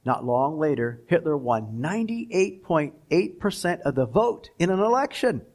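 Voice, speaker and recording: A man lectures students on history with a somewhat high, gravelly voice. He moves at a deliberate pace, stopping now and then for asides. Between points he reads quotations aloud. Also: sing-song, a little mellow. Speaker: guest lecturer. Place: school lecture.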